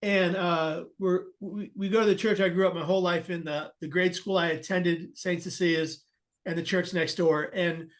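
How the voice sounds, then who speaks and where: Guy with a pretty high voice telling his story on a podcast, earnest, acts out everyone he quotes, restarts a lot. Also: fairly even intonation, normal speed. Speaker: podcast guest. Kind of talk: personal storytelling in an interview.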